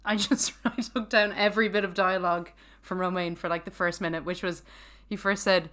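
A woman's voice: lowish voice, steady tone, fairly bright tone. Jokey woman co-hosting a recap podcast. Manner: jokey, slangy, quick to laugh. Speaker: podcast co-host. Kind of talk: casual recap chat.

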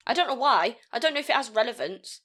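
A woman's voice: fairly high pitch, expressive, quick pace, a bit bright. A woman co-hosting a casual podcast chat, rambling and laughing often as she talks. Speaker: podcast co-host.

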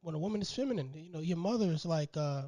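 Male podcast host, quick casual talker, slightly high voice, lots of fillers. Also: lively intonation, dark tone. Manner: rapid, loose, full of fillers and restarts. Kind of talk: casual interview chat.

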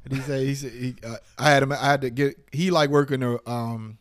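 A man's voice: medium pitch, fairly even intonation, brisk, a bit bright. A man in his thirties co-hosts a podcast in casual chat. He jokes and swears, and often repeats himself as he retells events. His voice sits in a plain, middle range. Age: 30s. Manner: joking, profane, stumbling retellings. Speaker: podcast co-host.

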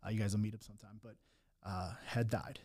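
A man's voice: fairly low pitch, steady tone, quick pace, a little mellow. A young man telling his own hard story in candid talk, blunt and full of swearing and restarts. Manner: raw, blunt, swears often, many restarts.

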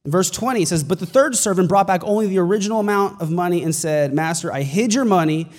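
A high-voiced male pastor preaches emphatically at a quick pace, building to shouted peaks. A long reverb carries his words, as if in a large church hall.

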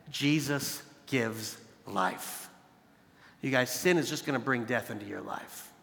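A man's voice: mid-range voice, vocal fry, a bit bright, big-room sound. A man preaching a sermon in a conversational tone, calling listeners "you guys" and building emphasis through repeated phrases. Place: large hall, evening service.

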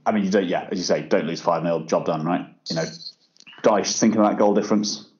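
A man's voice: deep voice, fast, darkish tone, highs cut off. A man hosting a mock awards red carpet in jokey, teasing announcer patter. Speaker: host.

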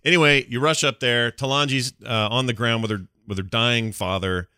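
A man's voice: medium pitch, steady tone, moderate pace, pushed and bright, clear, resonant tone, no echo, studio quality. A man hosting a casual podcast. He rambles through a recap, fumbles names and laughs often. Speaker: podcast host.

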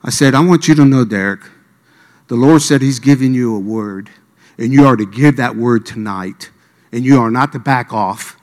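A man's voice: medium pitch, normal speed, darkish tone. A man from Miami preaching a sermon, telling stories animatedly and acting out the voices of the people in them. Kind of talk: sermon storytelling. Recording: reverberant hall.

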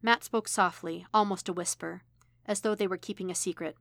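Gravelly-voiced woman narrating a story. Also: fairly low pitch, fairly even intonation, fairly quick, a bit bright, dry recording. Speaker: podfic reader.

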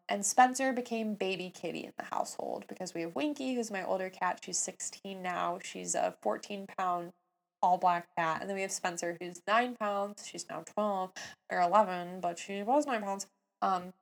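A young woman in her twenties tells a story straight to her viewers, chatty and self-mocking, with lively asides. Her voice sits at a middle pitch and carries a gravelly, creaky edge. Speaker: vlogger. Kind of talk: casual storytelling.

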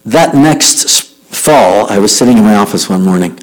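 A man's voice: lowish voice, expressive, normal speed, rough recording. A middle-aged man telling stories in a devotional youth talk, acting out the voices of the people he quotes.

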